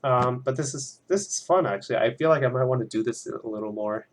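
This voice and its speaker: A young man with a medium-pitched voice talks a little fast while drawing at home. He's an art student on stream, chatting casually, rambling and swearing freely as he works.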